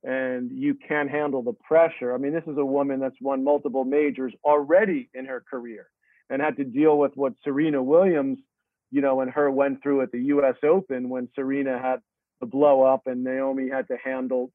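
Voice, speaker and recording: A man's voice: mid-range voice, no room sound. A middle-aged man, a tennis coach, talking earnestly and reflectively in an interview, with many restarts. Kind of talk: interview answer. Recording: dry tinny phone-like line.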